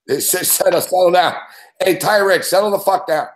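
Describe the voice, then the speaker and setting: A man's voice: high-pitched, fairly quick, roomy sound, noisy background. A man hosting a late-night call-in show, profane and scolding, laughing between rants. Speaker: show host.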